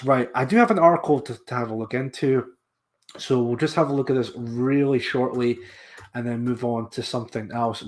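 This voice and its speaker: A man hosting a casual livestream, talking in a rambling way, repeating himself and making scornful asides. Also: mid-range voice. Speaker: livestream host.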